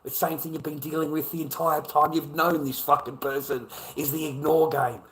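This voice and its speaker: A man's voice: flat delivery, moderate pace, hardly any pauses, fairly bright tone, poor audio. Profane, bitter Australian man ranting. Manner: profane and bitter, swinging between angry outbursts and low muttering. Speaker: vlogger. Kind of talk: ranting monologue to camera.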